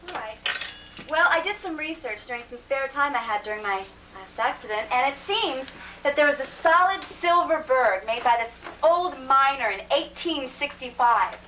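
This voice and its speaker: A woman's voice: high-pitched, lively intonation, normal speed. A woman playing a boastful but hesitant female social secretary. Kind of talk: radio-style comedy drama. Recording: distant mic, faint noise.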